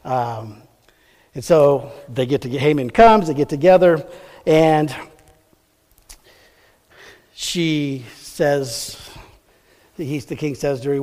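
A man's voice: on the high side, slow pace, long pauses, darkish tone, long reverb tail. A man preaching a sermon, retelling a Bible story in a casual, rambling way that often corrects itself. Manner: chatty, rambling, self-correcting.

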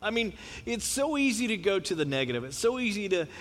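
A man's voice: high voice, big pitch swings, fast, a bit bright. A middle-aged male pastor from Texas preaching a sermon in a conversational, rambling way, with frequent restarts and asides. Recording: long hall reverb with mains hum.

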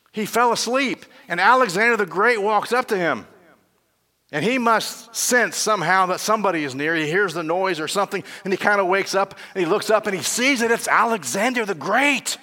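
A man's voice: high-pitched, pushed and bright, long reverb tail. A male pastor preaching a sermon, telling a story with emphatic peaks and closing in prayer.

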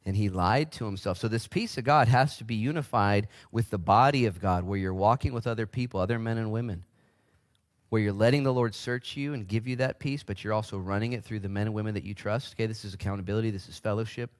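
Animated male pastor preaching. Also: fast. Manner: animated, shifts into high voices for quoted people. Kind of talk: sermon.

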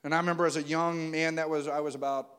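A man, preaching a sermon that swings between loud urging and quiet, intimate passages. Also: fairly high pitch, level tone, quick pace, clean tone. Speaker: pastor.

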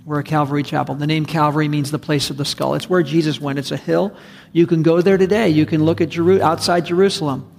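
Male pastor, sermon delivery, gravelly voice a touch above average pitch, long church reverb. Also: fairly even intonation, fast, darkish tone. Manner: conversational, emphatic preaching with repetition. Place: church sanctuary.

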